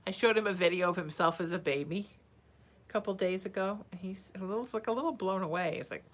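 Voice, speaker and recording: A woman's voice: mid-range voice, a little fast. A woman psychic hosting a casual live stream, reading out viewer names and cooing at her cat between readings. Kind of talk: casual livestream chat.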